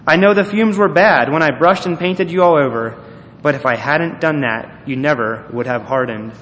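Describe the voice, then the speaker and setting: Brief: man playing a patient old-style potter master, soft and measured, echoey hall. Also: a little high, close to an everyday voice. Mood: gentle. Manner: quiet, gentle, measured speech. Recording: echoey hall, faint noise.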